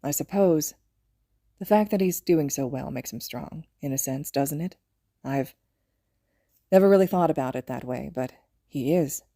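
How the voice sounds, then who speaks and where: A woman voicing a tender young father who speaks softly and haltingly, in a podfic reading. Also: low-pitched, no room sound, clean studio sound. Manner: soft-spoken, halting, affectionate.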